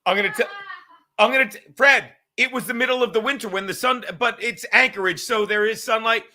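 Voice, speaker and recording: New york guy hosting, bright high voice, tells stories fast and loud, swears a lot. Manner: animated storyteller, swearing, quick asides. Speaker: podcast host and comedian. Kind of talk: casual chat.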